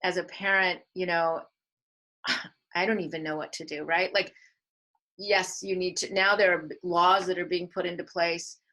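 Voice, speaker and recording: A woman's voice: fairly low pitch, a little slow, low-quality recording. A middle-aged woman, a filmmaker and mother, speaking earnestly as a guest in a conversational interview. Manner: earnest, animated when quoting others.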